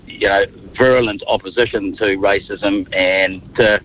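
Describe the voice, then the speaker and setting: A New Zealand man around fifty, a radio guest telling lively stories from a moving car. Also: lowish voice, measured pace, slight background noise, low-quality recording. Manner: animated storyteller, acts out quotes. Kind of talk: casual radio interview.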